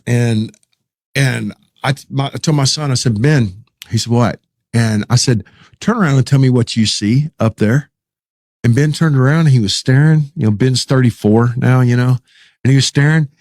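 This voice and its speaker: Middle-aged guy telling a story, folksy and animated, dry close sound. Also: medium pitch, no echo. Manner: folksy, animated, quotes himself. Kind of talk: casual storytelling.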